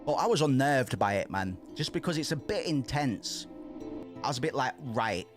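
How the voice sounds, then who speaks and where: A man's voice: medium pitch, very animated, moderate pace, music in the background. Rambling, swearing gaming streamer man. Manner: rambling, swears casually, lots of restarts. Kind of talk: casual let's-play commentary.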